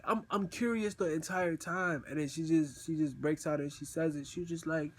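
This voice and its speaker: A man's voice: fairly high pitch, moderate pace, few pauses. A young man telling a casual storytime about a breakup, full of slang and repeating himself, and acting out crying in bursts. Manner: slangy, repeats himself, says "bro" a lot. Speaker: vlogger.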